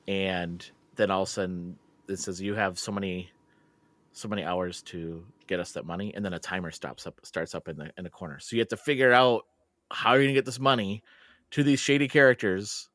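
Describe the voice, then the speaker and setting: Animated low-voiced man hosting a podcast. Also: dry recording. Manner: animated storytelling with laughs and filler words. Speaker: podcast host. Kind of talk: casual podcast chat.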